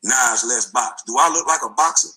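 Profane ranting man, bright tense voice. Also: mid-range voice, brisk, rough recording. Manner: profane, taunting, repeating insults. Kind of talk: angry rant video. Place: front seat of his car.

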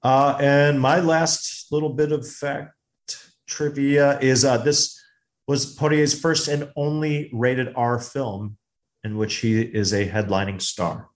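A man's voice: medium pitch, slow. A man co-hosting a casual movie podcast, talking with enthusiasm and telling stories. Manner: animated, enthusiastic storyteller. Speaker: podcast co-host.

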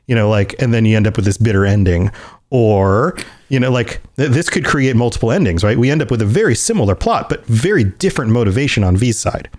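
A podcast co-host talks at normal speed in a medium-pitched voice with a darkish tone. The conversation is casual and rambling, with lots of restarts and laughter as he performs scenes.

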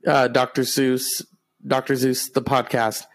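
A man's voice: mid-range voice, little pitch movement, measured pace. A man hosting a podcast, mocking a TV broadcast in a crude, sarcastic running commentary with exaggerated gasps. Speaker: podcast host.

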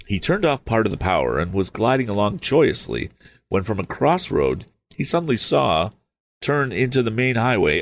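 A man's voice: fairly low pitch, creaky, slight background noise. A man reading an old novel aloud, stopping for hesitant, apologetic asides. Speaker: audiobook reader.

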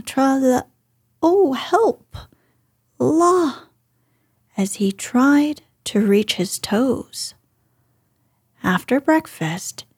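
Breathy woman reading a bedtime story. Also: a little high, no room sound, studio quality. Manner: soft, hushed and slow.

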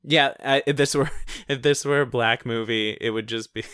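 A man's voice: medium pitch, fairly even intonation, normal speed, a bit bright, smooth, no echo. Young man co-host, jokey rambling chat, dry close sound. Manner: joking, rambling with many fillers. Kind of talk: casual chat.

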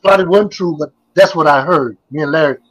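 An older man with a husky, breathy edge to his voice that sits higher than most men's. He tells his stories as a guest in a casual interview, circling back and repeating himself as he goes. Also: fast, poor audio. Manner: rambling, repetitive storytelling. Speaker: guest, former basketball player.

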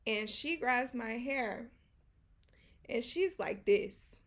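A woman co-hosting a casual chat podcast, telling stories in an animated way with quoted dialogue, slang fillers and asides to listeners. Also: on the high side, measured pace, gravelly. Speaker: podcast co-host.

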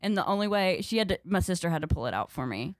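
Animated young woman telling a story. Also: on the low side, fast talker, dry recording, studio quality. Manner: animated, acts out the voices of people in her story. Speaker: podcast guest. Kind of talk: casual storytelling.

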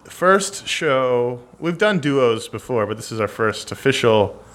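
A man's voice: medium pitch, expressive, moderate pace. A man co-hosting a podcast, chatting casually and rambling with restarts. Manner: self-deprecating, rambling with restarts. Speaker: podcast co-host. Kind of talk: casual chat.

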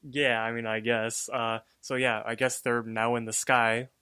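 A man's voice: mid-range voice, flat delivery, measured pace, bright, forceful tone, clear, resonant tone, no echo. Male co-host, casual and hesitant, dead-dry close recording. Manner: laid-back, hesitant with fillers. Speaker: podcast co-host. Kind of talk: casual chat.

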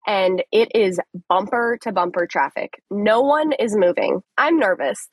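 A woman's voice: medium pitch, measured pace, husky, no room sound. A young woman in her twenties, a caller dramatically retelling a story in a casual chat. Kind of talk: animated storytelling.

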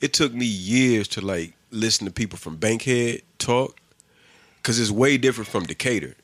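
A man's voice: fairly low pitch, moderate pace, no room sound. A man from Indiana co-hosting a casual podcast chat, laid-back and joking, swearing freely. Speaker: podcast co-host.

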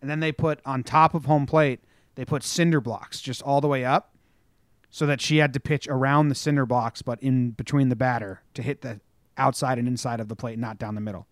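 Animated man in casual sports chat. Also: medium pitch, brisk, no room sound, clean studio sound. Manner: animated storyteller, acts out quotes with profanity. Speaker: podcast co-host.

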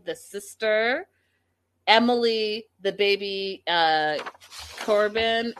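A woman hosting a casual livestream, recapping a reality show and chatting with her viewers in an opinionated, animated way. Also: medium pitch, slight background noise.

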